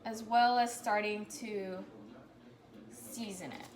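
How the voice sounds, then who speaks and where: A woman's voice: mid-range voice, steady tone, takes it slowly, slight background noise. A woman vlogger chatting offhandedly while cooking in a home kitchen. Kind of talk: casual cooking demonstration.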